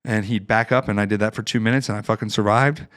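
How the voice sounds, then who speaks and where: A man from northern Ohio, a Marine veteran guest on a podcast, telling a wild story in a casual, profane, animated way with laughs. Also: fairly low pitch, fast talker. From northern Ohio, United States.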